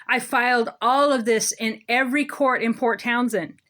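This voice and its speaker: A woman's voice: on the high side, steady tone, normal speed, a bit bright. A woman delivering a sarcastic, emphatic ranting monologue as a local commentator. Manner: sarcastic, emphatic, self-mocking.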